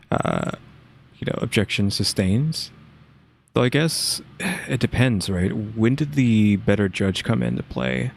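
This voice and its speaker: Brief: male reaction host, casual rambling commentary with halting fillers, lower voice. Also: vocal fry, a little mellow, slight background noise.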